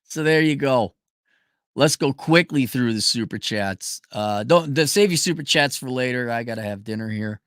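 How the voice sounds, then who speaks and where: A man hosting a casual livestream, talking bluntly and emphatically, jumping between loud declarations and low muttered asides as he reads viewer messages. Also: moderate pace, no room sound, clean studio sound. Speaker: livestream host reading super chats.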